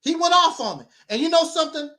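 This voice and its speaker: A man's voice: very high-pitched, expressive, fast, sharp tone. A man telling a personal story in casual conversation, rambling and repeating his phrases. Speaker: guest sharing his story.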